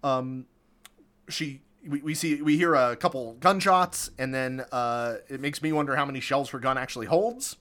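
A man's voice: mid-range voice, moderate pace, a bit bright. A man casually recapping a movie on a podcast, chatty and amused, laughing often. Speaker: podcast co-host recapping a film. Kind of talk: casual chat.

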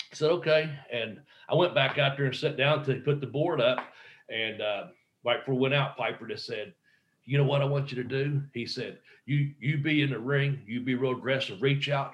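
A man's voice: mid-range voice, a little hiss or hum. Rambling male wrestler telling stories. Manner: rambling, acts out quoted voices; frequent fillers and restarts. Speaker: professional wrestler guest. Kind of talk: casual anecdotal storytelling.

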